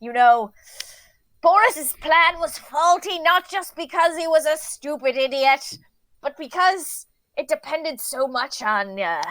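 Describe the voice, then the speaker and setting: A woman's voice: high-pitched, lively intonation, slow pace, fairly bright tone, no room sound, exaggerated voice, low-quality recording. A woman playing a pompous demon schemer. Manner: pompous, flustered monologuing. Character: scheming ancient demon, an assistant manager.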